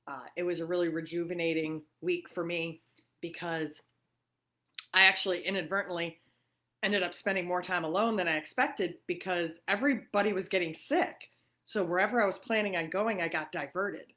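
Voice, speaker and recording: A woman's voice: fairly low pitch, normal speed. A middle-aged woman from New York hosts a casual livestream chat from her living room, talking freely with frequent fillers and laughs. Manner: chatty, warm-hearted and laughing often, with many fillers. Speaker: livestream host.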